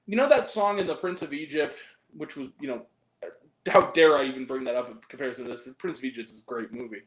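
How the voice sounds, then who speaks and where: A man hosts a movie review podcast, chatting casually in a rambling, profane way full of fillers and giggles. His mid-range voice moves at a quick pace, and the sound is reverberant.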